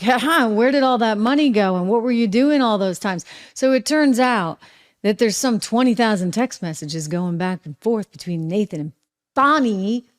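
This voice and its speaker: Sarcastic New England woman hosting. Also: medium pitch. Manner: sarcastic, conversational, asks rhetorical questions. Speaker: talk show host. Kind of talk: opinionated political commentary.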